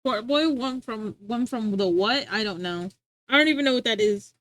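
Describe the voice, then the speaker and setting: High, animated American woman streamer. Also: no echo. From United States. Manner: animated, rambling, quick to laugh. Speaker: livestreamer. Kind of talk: casual chat with viewers.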